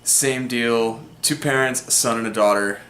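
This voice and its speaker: A man's voice: medium pitch, steady tone, unhurried, fairly bright tone, a little hiss or hum. A young man hosting a film vlog, reviewing a classic movie in a rambling, chatty way with many fillers. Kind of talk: casual movie review monologue. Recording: roomy echo.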